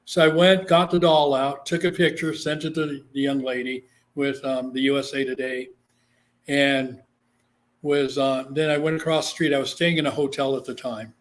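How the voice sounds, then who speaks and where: A man's voice: mid-range voice, normal speed. A man from Guam, a psychic medium, telling a story in a casual interview and acting out the voices he quotes. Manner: animated, acts out quoted voices.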